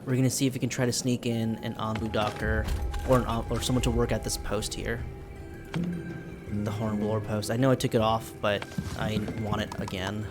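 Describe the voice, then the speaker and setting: A man with a sick, hoarse voice casually commenting while playing a video game, thinking aloud in an easygoing way. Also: mid-range voice, moderate pace, music in the background. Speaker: let's play host.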